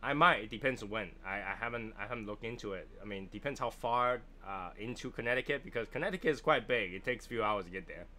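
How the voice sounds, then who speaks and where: A man's voice: lowish voice, fast talker, hardly any pauses, bright, forceful tone. A man with a Chinese accent hosting a casual cigar livestream, chatty and joking as he answers viewers. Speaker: livestream host reviewing cigars. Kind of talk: casual live chat.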